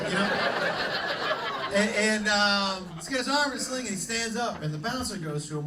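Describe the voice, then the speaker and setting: A man doing live stand-up on a comedy club stage, telling a story in an animated, profane way. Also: sits high, normal speed, distant mic, noisy background. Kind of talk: live stand-up crowd work.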